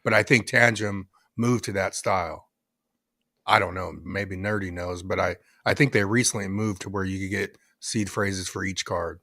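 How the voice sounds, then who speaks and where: A man co-hosting a casual crypto livestream, excitable, hyping up viewers and giving shout-outs. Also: sits low, moderate pace, dry recording, clean studio sound. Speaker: livestream co-host.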